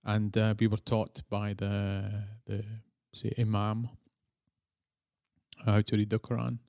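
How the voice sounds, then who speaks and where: Scottish man, gravelly voice, rambling interview guest. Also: lowish voice, monotone, slow pace, a little mellow, no room sound, studio quality. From Scotland. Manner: rambling, self-correcting storyteller. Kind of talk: conversational interview.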